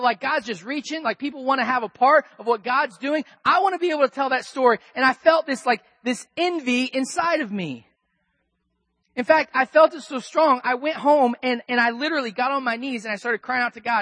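A male pastor delivering a sermon in a loose, conversational way. He drops to quiet asides, then rises to loud, emphatic bursts. The sound is dry and close, with no room echo. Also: very high voice, a little fast.

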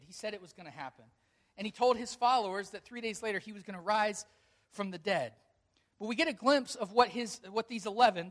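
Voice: medium pitch, fairly bright tone. A pastor preaching a sermon to a congregation, retelling a story with earnest emphasis.

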